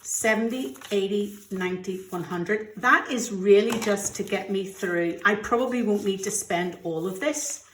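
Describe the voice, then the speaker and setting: A middle-aged woman from the UK talks openly and chattily as she counts out cash for her weekly budget. Her voice sits at an ordinary middle pitch, and the recording has a roomy, echoey quality from a room at home. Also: fairly bright tone, a little hiss or hum. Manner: chatty, candid, gets emotional. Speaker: budgeting vlogger. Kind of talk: casual chat while counting cash.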